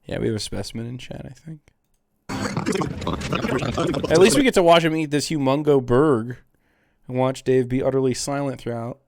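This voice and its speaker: A man's voice: medium pitch, brisk, creaky, heavy background noise. A man streaming, reacting to videos and mocking chat in a sarcastic, profane casual chat.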